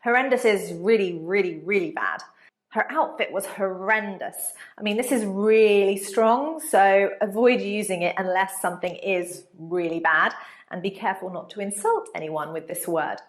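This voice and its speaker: Rich: A woman teaches vocabulary at a mid pitch. She leans on each example word and reads sample sentences with lively emphasis. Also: normal speed. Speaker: English teacher. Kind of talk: vocabulary lesson.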